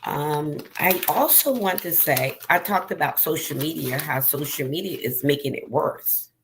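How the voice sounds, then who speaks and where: A woman's voice: low-pitched, a little slow, noisy background. A middle-aged woman telling viewers an emotional personal story in an earnest, direct way, as a vlogger.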